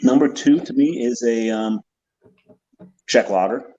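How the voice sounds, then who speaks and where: A man's voice: medium pitch, measured pace, mellow, muffled recording. A man co-hosting a podcast from a remote call, easygoing and agreeable in a casual chat. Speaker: podcast co-host. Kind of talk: casual chat over beers. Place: remote call from another state.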